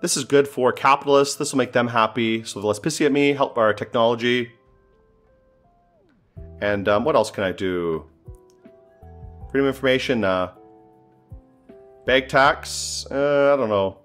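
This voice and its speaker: A man's voice: mid-range voice, normal speed, pauses often, a bit bright, faint music behind. A man thinking aloud as he plays a strategy game, often exasperated and swearing. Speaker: gameplay commentator. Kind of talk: casual gameplay commentary.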